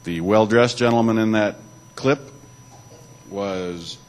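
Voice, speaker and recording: A man speaks slowly in a lowish voice during a church talk captured on a rough recording. Reading passages aloud, he breaks into loose spoken asides and occasionally starts over.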